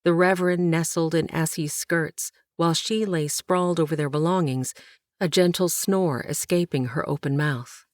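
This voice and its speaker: A woman narrating a historical novel as an audiobook, in a measured storytelling manner. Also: sits low, fairly even intonation, darkish tone, no room sound, clean studio sound. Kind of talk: scripted narration.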